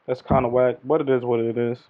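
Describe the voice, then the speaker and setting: A man's voice: mid-range voice, level tone, fairly quick. A man hosting a podcast, chatting casually in loose slangy banter. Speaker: podcast host. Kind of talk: casual chat about hip-hop and news. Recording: dull lo-fi sound.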